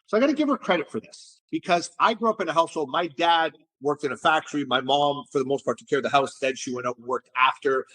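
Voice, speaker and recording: Man, middle-aged, fairly high husky voice, animated storyteller, restarts and repeats words. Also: fast talker, hardly any pauses. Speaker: entrepreneur guest. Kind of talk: casual storytelling interview.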